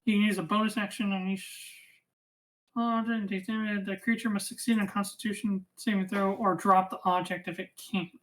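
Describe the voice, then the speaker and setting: A woman running a tabletop game as game master, narrating the action and reading out rules in a casual, quick way. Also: mid-range voice, level tone, a bit bright, poor audio.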